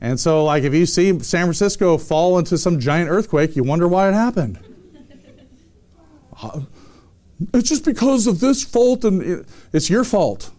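A man's voice: a little high, expressive, a little mellow. Emphatic man preaching a sermon. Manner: conversational, emphatic, often pausing and restarting. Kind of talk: sermon mixing scripture reading and casual commentary.

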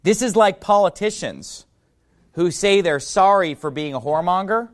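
Male preacher, sermon, reads scripture aloud, rhetorical questions, high voice. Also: lively intonation, normal speed. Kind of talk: sermon, Bible teaching.

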